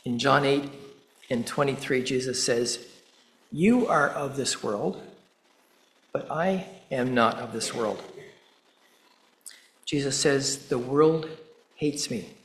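Slow, deliberate male preacher in echoey room. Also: medium pitch, fairly bright tone. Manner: measured preaching with deliberate pauses, scripture quotes. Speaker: pastor. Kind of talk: sermon.

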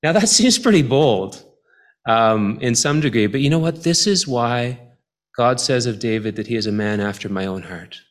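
A man's voice: mid-range voice, animated, moderate pace. A man preaching a sermon in a conversational way, building to emphatic appeals.

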